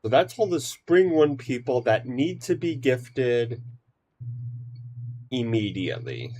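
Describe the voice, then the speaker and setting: A streamer chatting casually through a game, humming little tunes to herself and filling pauses with ums. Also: female voice, a bass voice, sing-song, mellow, slightly rough. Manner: rambling, hums to self, many fillers. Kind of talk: casual gameplay commentary.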